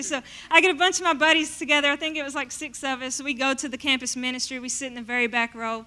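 A woman telling her personal faith testimony in an animated storytelling way. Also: sits high, quick pace, hardly any pauses. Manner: animated storytelling, acting out her past self in quotes. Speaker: speaker sharing a testimony.

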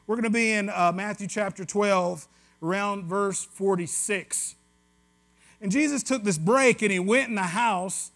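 A man's voice: high voice, a little slow, a bit bright. A man with a West Tennessee Southern accent preaching a sermon in a conversational, joking way, with asides to the congregation. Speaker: pastor.

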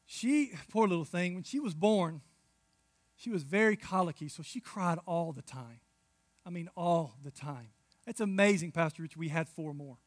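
A man in his thirties preaching a sermon, telling stories with big swings from hushed asides to loud outbursts. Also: fairly high pitch, expressive, moderate pace, no echo. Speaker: pastor.

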